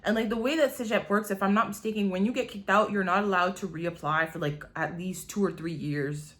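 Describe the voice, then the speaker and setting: A woman's voice: mid-range voice, fairly quick, a bit bright. Woman, 20s, vlogger, confessional storytelling, rambling, candid, swearing. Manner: candid, rambling, swears freely, many "like" fillers.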